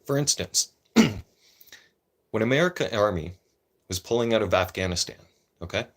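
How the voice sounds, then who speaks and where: Guy, lowish voice, rambly opinionated rant, keeps saying right?. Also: expressive, measured pace. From Canada. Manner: rambling, opinionated, repeats himself, frequent "right?". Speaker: vlogger. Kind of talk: casual political rant.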